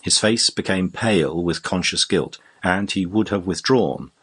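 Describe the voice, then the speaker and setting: A man narrating a classic novel as an audiobook reader, with a husky voice and a measured, even delivery. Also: low-pitched. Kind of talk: scripted narration.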